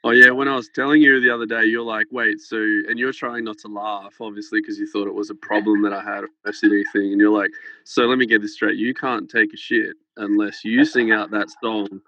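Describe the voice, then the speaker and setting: A man's voice: fairly low pitch, little pitch movement, fairly quick, few pauses, sharp tone, no room sound, highs cut off. A man guest on a podcast, telling a rambling, swear-filled anecdote in casual chat over a phone held close to his head. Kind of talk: casual storytelling. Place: farmhouse.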